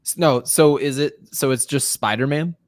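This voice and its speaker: A man's voice: mid-range voice, moderate pace, no echo. Male co-host, teasing dry humor, mid voice, dry close mic. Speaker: podcast co-host. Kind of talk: casual chat.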